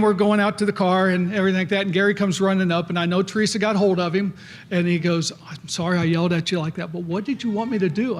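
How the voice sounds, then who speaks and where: A middle-aged man tells old coaching stories at an awards night. His voice sits fairly high, and he slips into the voices of the coaches and kids he quotes. His delivery is folksy and anecdotal. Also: slight background noise. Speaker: hall of fame inductee giving a speech. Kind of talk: anecdotal acceptance speech.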